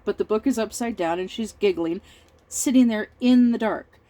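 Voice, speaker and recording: A middle-aged woman telling a family story in a rambling, halting way, clearing her throat often and sounding over-tired. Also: mid-range voice, dark tone, low-quality recording. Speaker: crafting vlogger. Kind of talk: casual storytelling while crafting.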